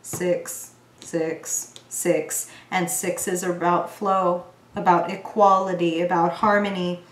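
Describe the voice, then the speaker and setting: A woman's voice: fairly low pitch, slow pace. Chatty woman reading tarot in a roomy space. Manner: chatty, filler-heavy, animated when quoting. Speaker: tarot reader. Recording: roomy echo.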